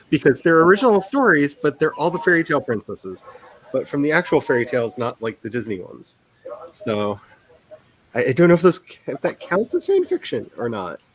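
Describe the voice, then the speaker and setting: A man's voice: a little high, poor audio. A man hosting a casual writing sprint livestream, rambling and self-deprecating and laughing often.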